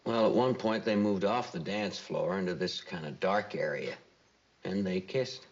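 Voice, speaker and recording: An actor playing a plain-spoken, opinionated witness on the stand. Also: male voice, deep voice, normal speed, close to an everyday voice. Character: gossipy male witness, sure of himself. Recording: dull old TV sound.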